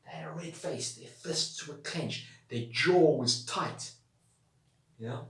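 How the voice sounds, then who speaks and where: A man's voice: a little high, slow, gravelly, recorded from a distance. A man teaching a writing lesson in a chatty way, checking in with listeners often. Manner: chatty, checks in with frequent "all right?" and "yeah?". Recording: roomy sound from away from the mic.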